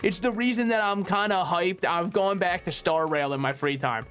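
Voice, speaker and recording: A young man streaming a game, chatting casually and ranting animatedly with quick asides and frequent laughs. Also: high-pitched, fairly bright tone. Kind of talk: casual gaming stream chat.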